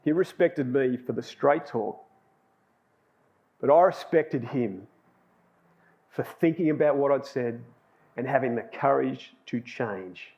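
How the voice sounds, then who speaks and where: A man's voice: mid-range voice, slow pace, pauses often, dull audio. A man giving a sermon, telling personal stories in a chatty way and laughing at himself. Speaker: lay preacher.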